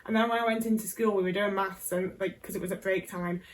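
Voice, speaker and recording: A woman's voice: medium pitch, steady tone, fast, recorded from a distance, slight background noise, low-quality recording. A young English woman vlogger telling a personal story to camera, candid and sweary, with lots of "like".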